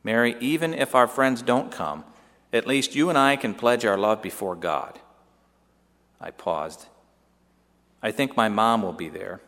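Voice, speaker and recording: Male actor as Joseph: earnest young son, tender storytelling monologue, slightly low voice, long hall echo. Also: a bit bright. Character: earnest young man Joseph confiding in his mother. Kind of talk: dramatic first-person monologue. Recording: long echoey hall reverb.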